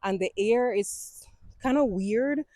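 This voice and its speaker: A Cuban woman in her 40s vlogs on an outdoor trail, slightly out of breath from climbing. Her voice is on the high side, slow and warm, and the close sound is dry with no room noise. She's chatty, laughs often, and uses non-native phrasing.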